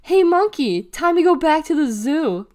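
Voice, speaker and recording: Lady doing a loud mean schoolboy yelling taunts, high and pushy. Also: very animated, moderate pace, gravelly, exaggerated voice. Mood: jeering. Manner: taunting, shouting. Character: loud teasing schoolboy bully.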